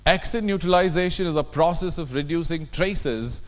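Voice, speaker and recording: A man's voice: fairly high pitch, normal speed. Emphatic Indian man giving a workshop. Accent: Indian English. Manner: emphatic, often checks in with the audience. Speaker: workshop trainer. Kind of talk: lecture workshop. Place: conference hall.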